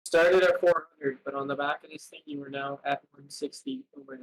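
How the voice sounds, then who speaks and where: A man's voice: a little high, fairly even intonation, a little fast, poor audio. A man running a casual tabletop game as game master, easygoing and joking with his players.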